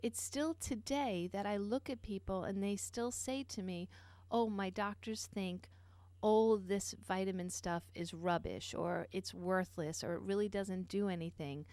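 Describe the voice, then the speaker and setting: A woman's voice: medium pitch, unhurried, darkish tone, dry recording. A middle-aged woman hosting a nutrition talk show, telling a personal story in an earnest way with many fillers and asides.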